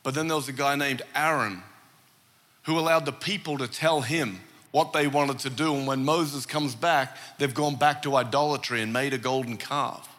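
Bright-voiced Australian pastor preaching. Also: male voice, medium pitch, moderate pace. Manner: storytelling, animated, with asides and humor. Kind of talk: sermon. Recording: long church hall reverb.

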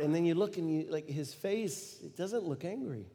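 Middle-aged guy preaching, acts out the story, loud bursts, kinda high voice, big echoey hall. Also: moderate pace. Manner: animated storytelling, acting out quoted lines with sudden loud bursts. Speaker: pastor. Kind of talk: sermon. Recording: long reverb of a large hall.

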